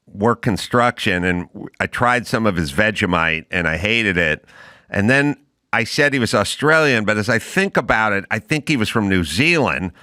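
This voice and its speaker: A man's voice: fairly low pitch, pushed and bright, dry recording, clean studio sound. A man hosting a casual chat, asking questions in a jokey, self-deprecating way. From United States. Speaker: podcast host.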